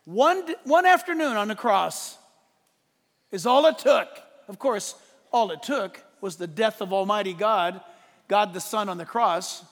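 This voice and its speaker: Pastor, male, very high voice, emphatic sermon delivery, quiet asides to shouts, church sanctuary with long reverb. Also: animated, measured pace. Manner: emphatic, swings from hushed to shouting, laughs at his own points.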